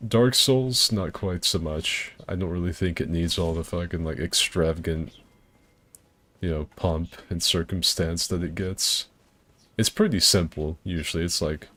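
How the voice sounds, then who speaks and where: A man's voice: sits low, normal speed, a bit bright, no room sound. A man streaming a co-op game with friends, rambling in a laid-back way, swearing freely and laughing often. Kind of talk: casual gaming chat.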